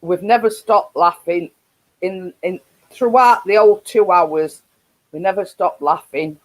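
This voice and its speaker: A woman's voice: on the low side, unhurried, low-quality recording. A woman with a Yorkshire accent hosting a casual live stream, rambling with frequent laughs and restarts.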